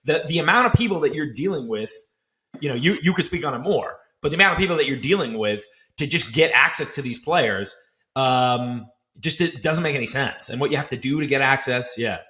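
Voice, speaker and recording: A man hosting a podcast, asking questions in a casual, halting way and often repeating his words. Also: mid-range voice, animated, sharp tone. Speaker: podcast host. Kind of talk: casual interview.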